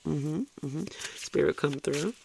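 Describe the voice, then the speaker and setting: A man's voice: a little high, fairly even intonation, takes it slowly, gravelly, darkish tone, husky, dry recording. A man giving a tarot reading, blunt and coaxing, swearing freely and ending lines with "okay?". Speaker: tarot reader.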